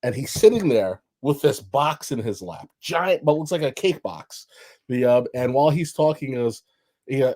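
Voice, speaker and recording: A man's voice: medium pitch, moderate pace, no echo. A man on a wrestling podcast panel telling stories in casual chat, with a lot of fillers and restarts. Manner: rambling, many fillers and restarts; animated, acts out quotes in raised voice.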